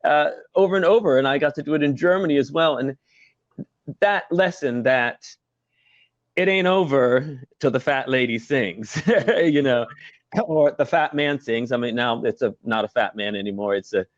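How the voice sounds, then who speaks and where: A man's voice: mid-range voice, moderate pace, dry recording, highs cut off. A middle-aged man, a former musical performer, telling stories as an interview guest in a chatty way, laughing often and using many fillers. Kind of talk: casual video-call interview.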